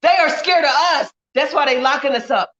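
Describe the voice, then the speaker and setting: A woman on a phone livestream rants bluntly and heatedly, with a somewhat high voice. The sound is dull and lo-fi. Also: normal speed, fairly bright tone. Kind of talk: ranting livestream monologue.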